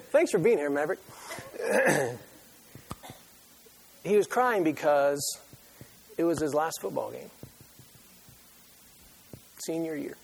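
A man preaching a sermon who tells an animated, joking story and acts out his own reactions. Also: a little high, slow pace, creaky, long pauses, a little hiss or hum. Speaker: pastor.

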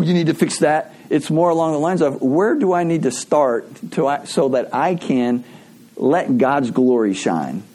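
A man's voice: mid-range voice, dark tone, husky. A man preaching a sermon in a conversational way, asking rhetorical questions and adding playful asides. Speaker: pastor.

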